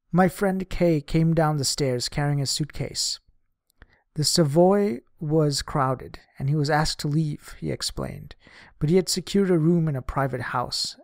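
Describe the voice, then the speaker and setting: A man narrates a first-person memoir with a steady, measured delivery. His voice sits a little high for a man. The recording is close and dry, with no room sound. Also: no echo. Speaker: audiobook reader. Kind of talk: scripted narration of a diary memoir.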